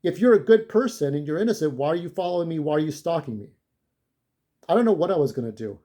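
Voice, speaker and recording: A man's voice: fairly high pitch, lively intonation, fast, dark tone. A shaken-up man telling an angry, profane story about a confrontation in a vlog. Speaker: vlogger. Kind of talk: ranting vlog monologue.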